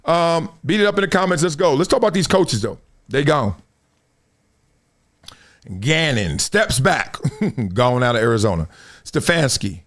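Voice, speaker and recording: A man hosting a sports talk show, telling stories in a casual, slangy monologue that swings between loud bursts and low mutters. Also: very animated, a little slow, long pauses.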